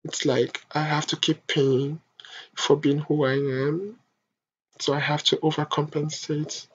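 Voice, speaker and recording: A young adult vlogger from Africa, speaking in a soft, halting, emotional confessional monologue. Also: medium pitch, little pitch movement, breathy edge. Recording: dull lo-fi home recording.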